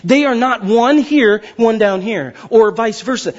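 A man in his thirties preaching a sermon as pastor, excitable and fast-talking, often asking the crowd questions. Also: extremely high pitch, lo-fi sound.

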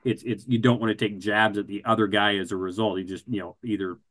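A man co-hosting a casual football draft talk, measured and methodical, leaning on a habitual filler word. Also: lowish voice, little pitch movement, a bit bright. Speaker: football draft analyst co-host.

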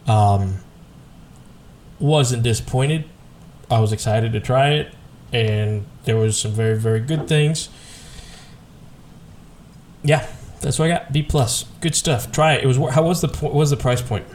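A man's voice: mid-range voice, measured pace, pauses often, a little mellow, a little hiss or hum. A man co-hosting a podcast, talking in an easygoing, rambling way with many hesitations. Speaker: podcast co-host. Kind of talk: casual whiskey chat.

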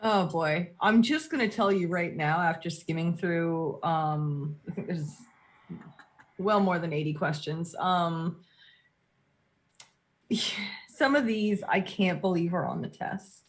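A woman's voice: on the low side, slow pace. A young woman from Canada co-hosting a podcast, bantering and laughing as she teases her co-hosts. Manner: laughing, teasing. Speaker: podcast co-host.

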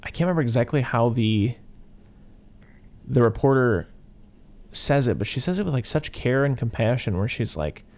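A man's voice: medium pitch, animated, moderate pace, pauses often, darkish tone. A young man co-hosting a podcast, recapping a film in rambling casual chat, full of "like" and "you know". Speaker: podcast co-host.

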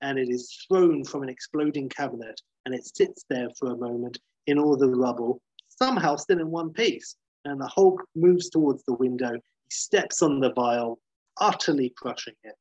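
Husky man recapping with dry wit. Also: medium pitch, moderate pace, darkish tone, no room sound, dull audio. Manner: dry, sardonic asides. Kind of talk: wry episode recap narration.

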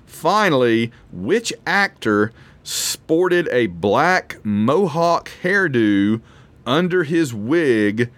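A man's voice: medium pitch, big pitch swings, drawn-out words, fairly bright tone. A man hosting a casual trivia quiz, rambling and self-deprecating as he reads questions and reacts. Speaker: quiz host.

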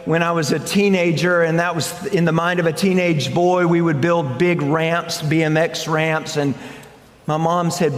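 A man's voice: fairly high pitch, measured pace. A male pastor preaching a verse-by-verse sermon, emphatic and repeating key phrases. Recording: echoey hall.

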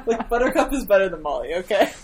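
A woman's voice: medium pitch, very animated, fast, heavy background noise. A woman co-hosting a casual book podcast, playful and giggly. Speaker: podcast co-host. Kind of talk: casual chat.

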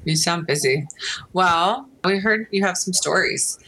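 Bright-voiced woman hosting a podcast. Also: fairly low pitch, a little slow, a little hiss or hum, rough recording. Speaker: podcast host. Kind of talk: podcast interview.

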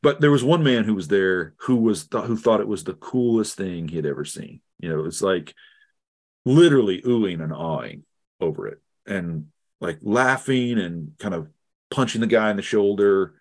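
A middle-aged man with a very low voice tells a personal story during an interview. He speaks earnestly and haltingly, often restarting his sentences. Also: lively intonation, a little mellow. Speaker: guest theologian. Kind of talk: reflective storytelling in conversation.

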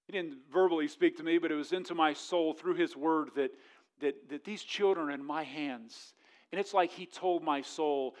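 A man in his thirties preaching a sermon as pastor, swinging from loud animated storytelling to hushed, earnest pleading. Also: on the high side, normal speed.

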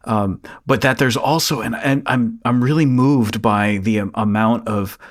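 A man's voice: mid-range voice, fairly even intonation. A man, a priest hosting the conversation, speaking thoughtfully with many restarts. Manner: thoughtful, halting, with repeated restarts. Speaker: host, a priest. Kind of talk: interview conversation.

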